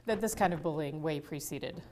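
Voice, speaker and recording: A woman's voice: low-pitched, fairly quick, darkish tone. A woman giving an academic conference lecture, often checking in with the audience through tag questions and restarting her sentences. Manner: restarts and repeats words mid-sentence.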